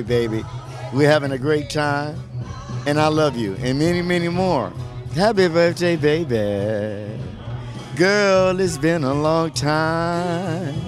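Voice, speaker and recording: Affectionate brother, slow delivery, music under. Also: male voice, fairly high pitch. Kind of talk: recorded birthday greeting.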